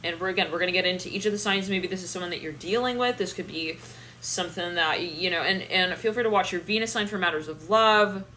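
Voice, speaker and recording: Bright-voiced woman giving a tarot reading. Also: fairly low pitch, fast talker, slight background noise. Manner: animated, laughing, swearing, thinking aloud. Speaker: tarot reader.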